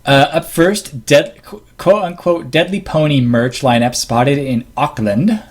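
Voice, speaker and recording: A man's voice: fairly high pitch, measured pace, a little hiss or hum. A man hosting a podcast in casual group chat, rambling with fillers as he reads out news items. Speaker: podcast host.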